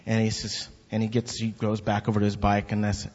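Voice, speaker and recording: A man giving a spoken testimony at church, animated and acting out the voices in his story. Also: on the low side, normal speed, breathy edge. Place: church hall. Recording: dull lo-fi recording with long hall reverb.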